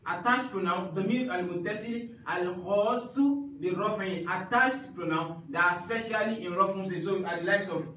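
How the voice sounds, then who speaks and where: A man's voice: high voice, moderate pace, few pauses, pushed and bright, a little hiss or hum. A man teaching an Arabic grammar class, explaining step by step and often checking with his students. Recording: echoey room, mic at a distance.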